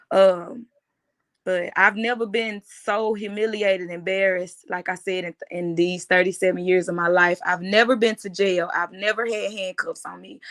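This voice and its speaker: A woman, giving a halting, emotional personal account in an interview, often restarting her phrases. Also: medium pitch, a bit bright. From United States. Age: 30s.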